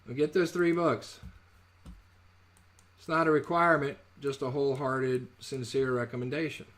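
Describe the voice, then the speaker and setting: A man's voice: mid-range voice, little pitch movement, normal speed, a bit bright. A man teaching trading in a casual live webinar, chatty and jokey, often correcting himself mid-word. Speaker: trading educator.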